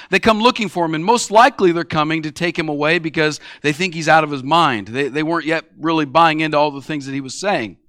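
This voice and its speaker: Guy preaching a sermon, kinda high bright voice, dry close sound, chatty and acts out quotes. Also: dry recording. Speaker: pastor.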